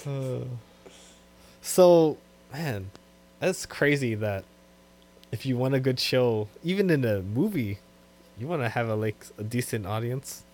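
A man's voice: mid-range voice, a little slow, pauses often. Man, easygoing podcast co-host. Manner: relaxed, trailing off, laughs often. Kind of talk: casual chat.

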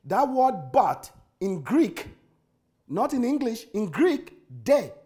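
A man preaching a sermon with emphatic repetition, swinging from loud exhortation to hushed pleading. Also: very high voice, sing-song, takes it slowly. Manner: pleading, earnest. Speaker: pastor.

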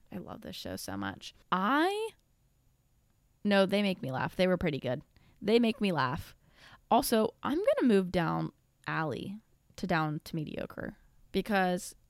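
Smooth, low-voiced woman vlogger. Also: wildly swooping pitch, a little slow, long pauses, dry recording. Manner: rambling, blunt and profane, laughs often. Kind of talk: casual tier-list commentary.

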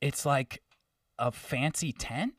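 A man telling a long story in casual podcast chat, animated, swearing and mimicking the people he met. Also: mid-range voice, slow, dry recording, clean studio sound, distant mic.

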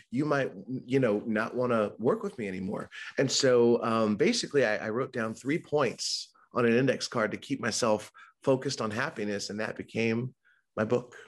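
Speaking briskly at medium pitch, the mental health speaker shares a personal story on a podcast, candid and conversational, performing the quoted voices as he goes.

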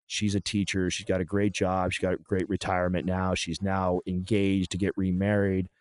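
A man's voice: low voice, monotone, moderate pace. A podcast co-host in his thirties talking candidly in a blunt, profane, emphatic way.

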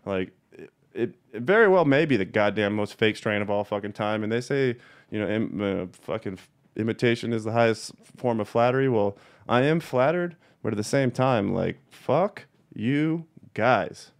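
Profane, heated man with a smooth voice. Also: on the low side, expressive, normal speed. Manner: profane, blunt and heated, repeats points for emphasis. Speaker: cannabis breeder. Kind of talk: casual ranting video monologue.

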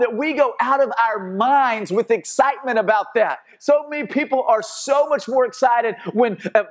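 A man preaching a sermon with impassioned delivery, repeating words and restarting phrases, swinging between loud exhortation and quiet intensity. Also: very high voice.

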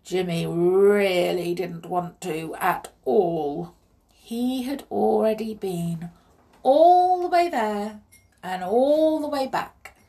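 A woman reading a children's story aloud in an expressive, measured way. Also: lowish voice, vocal fry.

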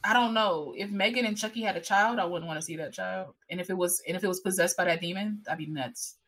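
A woman's voice: on the low side, fast talker, fairly bright tone. A woman on a movie podcast panel, playful and emphatic in casual chat.

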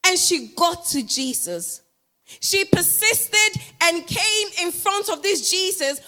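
High, bright-voiced woman preaching a sermon. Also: sing-song, takes it slowly, faint music behind. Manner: dramatic storytelling, acting out the people in the story; preaching with emphatic repetition. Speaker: pastor's wife preaching.

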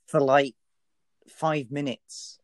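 A man's voice: medium pitch, level tone, slow pace. A man co-hosting a casual podcast chat, talking hesitantly with many fillers. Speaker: podcast co-host.

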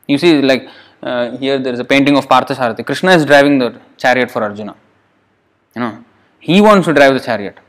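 A man's voice: medium pitch, brisk. A man reading a scripture passage aloud and then explaining it in a lecture, with emphatic rhetorical questions, chuckles and many "you know" fillers. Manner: frequent fillers and restarts, emphatic. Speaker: scripture teacher. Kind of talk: scripture reading with sermon commentary.

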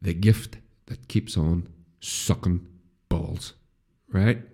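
A man's voice: sits low, very slow, dark tone, husky. A middle-aged man with a Northern Irish accent, hosting a casual solo podcast, rambling with restarts and swearing freely. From Northern Ireland. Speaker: podcast host.

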